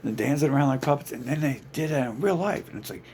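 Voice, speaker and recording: A man's voice: mid-range voice, expressive, quick pace, a little mellow, slight background noise. A man ranting in a rambling, profane monologue, swearing constantly and restarting his sentences. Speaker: vlogger.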